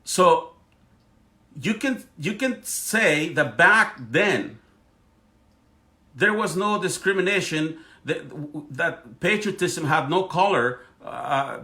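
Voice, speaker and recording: A man's voice: on the high side, lively intonation, slow, pushed and bright. Fervent man with a Spanish accent. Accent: Spanish-accented English. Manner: fervent, speechifying, frequent restarts. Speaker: livestream host. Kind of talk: political commentary monologue.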